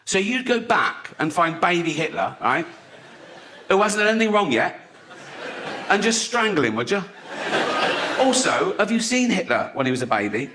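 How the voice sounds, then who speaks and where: Brief: male stand-up comic, slightly raised pitch, giggles through his jokes, loud noise behind him. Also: very animated, fairly quick, pauses often. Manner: conversational, tags lines with "right?"; laughs at his own jokes while talking. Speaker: stand-up comedian. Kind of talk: stand-up comedy set.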